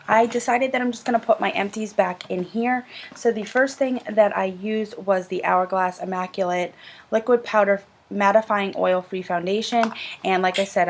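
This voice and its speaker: A young adult woman with a nasal voice from a cold, chatting casually and rambling a little as a beauty vlogger. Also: mid-range voice. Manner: chatty, rambling, quick asides. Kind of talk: casual vlog chat.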